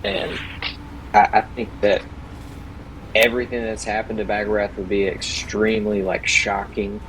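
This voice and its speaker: A man's voice: lowish voice, moderate pace, a bit bright, a little hiss or hum, low-quality recording. A man playing in a tabletop game, explaining his character's choices hesitantly with many fillers and restarts. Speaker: player. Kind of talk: casual in-game discussion.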